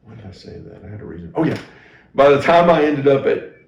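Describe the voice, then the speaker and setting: A man's voice: medium pitch, sing-song, fast talker, dull audio. A middle-aged man, a pastor, telling a candid and self-deprecating story from his own training as part of a teaching talk for ministry staff, often restarting his sentences. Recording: echoey room.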